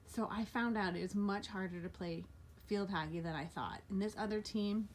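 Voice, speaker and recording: A woman tells a personal story in the first person, her delivery animated and lifting sharply whenever she acts out what people said. She slows down to linger on key details, with a pitch that sits in a middle range. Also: a little hiss or hum. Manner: animated, voice jumps up for quoted lines.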